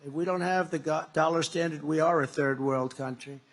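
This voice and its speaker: A man's voice: a little high, brisk. A man in his seventies giving a campaign rally speech at a factory, repetitive and boastful, retelling conversations in a conversational way. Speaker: political candidate.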